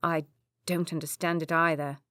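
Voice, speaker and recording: A woman's voice: deep voice, level tone, normal speed, no echo, clean studio sound. A woman reading as Edward, a scolding young lord. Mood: gentle. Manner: yelling, scolding. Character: young nobleman Edward, hot-tempered brother.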